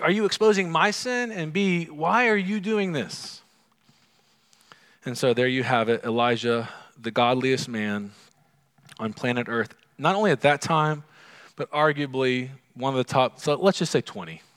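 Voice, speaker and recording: A pastor preaching a conversational sermon to his congregation, swinging from loud and emphatic to quiet and hushed, often asking the listeners questions. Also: medium pitch.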